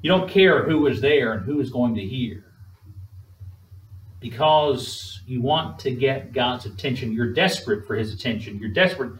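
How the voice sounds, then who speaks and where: A man preaching a sermon in a measured, emphatic way, drawing spoken responses from the congregation. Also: mid-range voice, animated. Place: church sanctuary. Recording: echoey room, distant mic.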